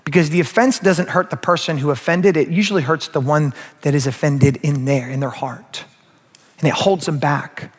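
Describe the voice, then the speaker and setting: A man preaching a sermon as pastor, animated and speaking straight to the congregation. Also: fairly high pitch, moderate pace, slightly rough. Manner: animated, acts out quoted voices, addresses the crowd directly. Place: church sanctuary. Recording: long reverb of a large hall.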